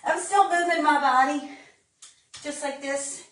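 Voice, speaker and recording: A woman's voice: high voice, steady tone, measured pace, fairly bright tone. A woman fitness instructor demonstrating modified exercises live, out of breath as she coaches and counts reps. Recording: roomy, distant phone-camera sound.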